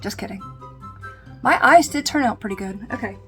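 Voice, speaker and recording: Chatty woman beauty vlogger, fairly high voice. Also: lively intonation, normal speed, sharp tone, soft background music. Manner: chatty, self-deprecating, trails off with fillers. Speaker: beauty YouTuber. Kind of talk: casual makeup vlog with bloopers.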